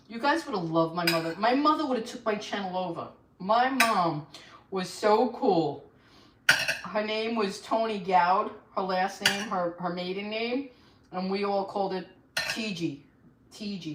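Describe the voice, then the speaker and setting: A woman hosting a casual live cooking stream in her home kitchen, chatting and laughing candidly with some mild swearing. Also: mid-range voice. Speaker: cooking vlog host. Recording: echoey kitchen, distant mic, faint noise.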